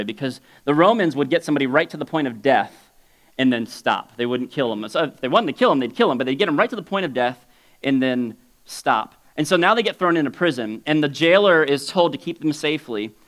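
Here a male pastor gives a sermon that feels informal and conversational. He shifts back and forth between loud, high outbursts and quiet, low-pitched asides, and he often laughs softly between ideas.

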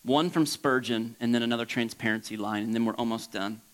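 A man from Florida preaching as a pastor, leaping up high for emphasis and dropping to a soft hush for reflection. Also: fairly quick, rough recording. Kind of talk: sermon.

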